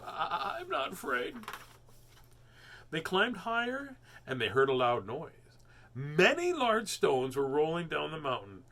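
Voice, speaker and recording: A man reading a children's storybook aloud as host, expressive and animated. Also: fairly high pitch, a little slow. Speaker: children's book reader, host.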